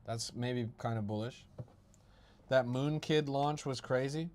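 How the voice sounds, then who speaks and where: A man's voice: medium pitch, a little slow, a little mellow. A young man hosting a crypto livestream, reading his chat aloud and mocking it with a profane, ranting manner.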